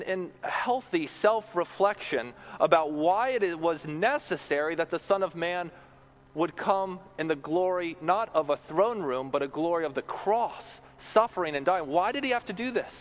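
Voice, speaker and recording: A man's voice: sits high, animated, moderate pace, lo-fi sound. A man preaching a sermon in an earnest way, often repeating words as he builds a point.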